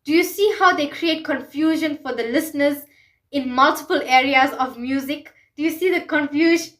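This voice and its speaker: A woman's voice: high-pitched, normal speed, fairly bright tone. A woman vlogger talking through a music review, emphatic and full of rhetorical questions and repeated phrases. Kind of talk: passionate music commentary monologue.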